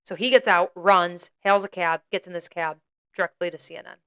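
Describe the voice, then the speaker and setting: A woman's voice: on the low side, steady tone, fairly quick, a bit bright, clear, resonant tone. A young woman co-hosting a podcast, casually retelling a story with lots of "like" and acted-out quotes. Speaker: podcast co-host.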